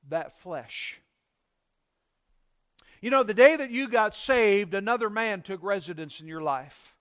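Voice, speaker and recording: High-voiced preaching pastor. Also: male voice. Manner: emphatic preaching with sweeping loud and soft swings. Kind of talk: sermon. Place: church.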